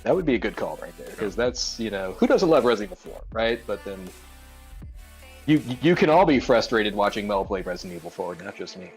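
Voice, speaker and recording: A man co-hosting a casual gaming news podcast, animated and jokey, often talking over his partner. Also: on the low side, fairly quick, faint music behind. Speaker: podcast co-host.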